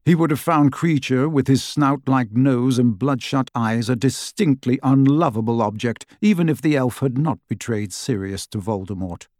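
A man's voice: mid-range voice, dry recording. Male audiobook narrator, dry close voice. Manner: measured, even storytelling. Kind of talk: scripted narration.

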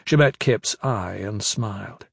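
A man's voice: fairly low pitch, measured pace, vocal fry, breathy edge, no echo. Man narrating a fantasy audiobook, very dry.

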